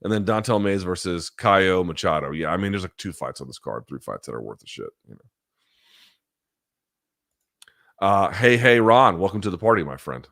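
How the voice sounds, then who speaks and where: Blunt low-voiced man hosting a live chat. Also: lively intonation, a little fast, creaky, hardly any pauses, fairly bright tone, dry recording, studio quality. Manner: blunt, profane, thinks aloud. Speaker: host. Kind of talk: live chat reading viewer questions.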